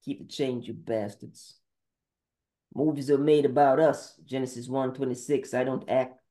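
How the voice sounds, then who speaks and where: Delivering a scripture-citing sermon monologue, a male podcast preacher confrontationally rattles off short Bible verse references. His voice is medium-pitched and dark, with a flat delivery at a moderate pace.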